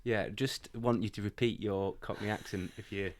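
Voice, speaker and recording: Low-voiced rambling male podcast host. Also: steady tone, moderate pace. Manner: rambling, jokey, self-deprecating. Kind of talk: casual podcast chat. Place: warm indoor office.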